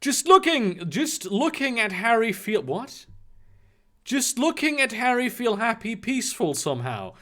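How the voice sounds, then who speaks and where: A man reads a story aloud and breaks off constantly to tear into it with crude, swear-laden sarcasm. His voice sits high for a man and swings widely in pitch, animated and scornful. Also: measured pace. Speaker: reader and commentator. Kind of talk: reading fan fiction aloud with mocking commentary.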